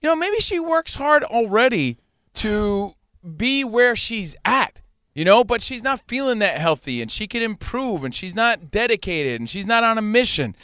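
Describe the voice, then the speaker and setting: A man's voice: sits high, sing-song, normal speed, fairly bright tone, smooth, no room sound, studio quality. A man co-hosting a casual chat show, talking in an emphatic, fired-up way.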